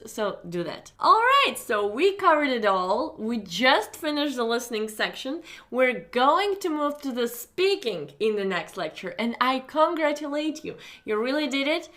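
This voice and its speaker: A woman's voice: a little high, fairly bright tone. Encouraging woman teaching a test-prep course. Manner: encouraging, direct address to students. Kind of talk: online course lecture.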